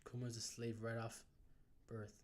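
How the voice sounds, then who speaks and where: A young man hosting a live comic readthrough, reacting in casual, excited chat. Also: mid-range voice, fairly quick. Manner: casual, excited, says bro. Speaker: reaction video host.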